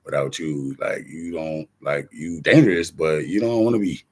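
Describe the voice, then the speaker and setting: Speaking at normal speed in a bass voice, a rapper delivers a casual, rambling monologue to camera. He uses profane street slang, stays animated, switches topics freely, and acts out what others told him.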